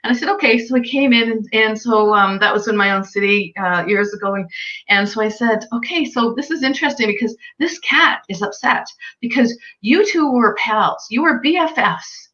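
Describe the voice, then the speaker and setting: A woman's voice: fairly high pitch, moderate pace, fairly bright tone. A woman chatting casually as an animal communicator, telling stories and acting out what clients said. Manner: chatty, retells conversations with quoted voices. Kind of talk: casual storytelling chat. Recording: dull lo-fi sound.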